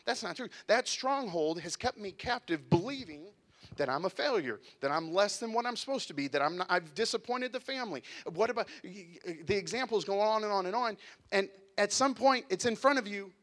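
A man in his thirties preaching a sermon, animated and conversational, with sudden drops to a hush. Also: sits high, fairly quick. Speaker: pastor. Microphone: handheld mic, sometimes set down.

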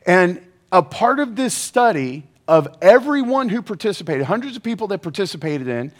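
Male pastor with a high voice, energetic and playful, talks straight to the audience. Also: normal speed. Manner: energetic, joking, asks the audience questions. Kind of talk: sermon.

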